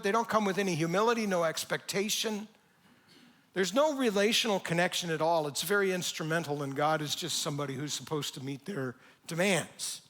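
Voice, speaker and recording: Animated pastor preaching a sermon. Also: male voice, a little high, a little fast. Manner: conversational and animated, acting out quoted lines. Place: church sanctuary.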